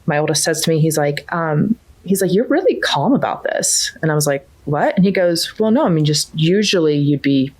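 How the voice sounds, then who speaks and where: Low-voiced woman telling a family story. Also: brisk, few pauses. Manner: animated, rises high when quoting her kids. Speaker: coaching client sharing her story. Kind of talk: casual conversational storytelling.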